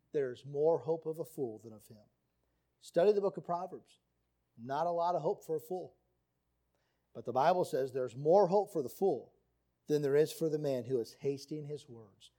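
A man's voice: a little high, normal speed, warm tone. Earnest man preaching a sermon. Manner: earnest, emphatic preaching with quotes read aloud. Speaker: pastor.

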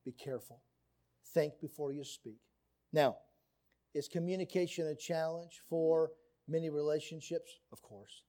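A man's voice: fairly high pitch, steady tone, a little slow, warm tone. A man preaching a sermon on marriage, earnest and emphatic, reading quotes and scripture aloud. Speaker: pastor.

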